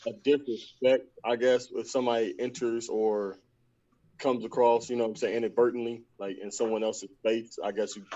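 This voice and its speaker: A man's voice: mid-range voice, mellow. A man who works as a trucker, talking hesitantly with many fillers in a group voice chat. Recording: distant, muffled phone connection.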